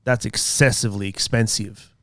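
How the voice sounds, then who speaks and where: A man's voice: fairly low pitch, moderate pace, dry recording. An Australian man co-hosting a podcast, telling a story in casual chat and acting out the people in it. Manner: animated, acts out voices in his stories. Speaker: podcast co-host. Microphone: studio microphone.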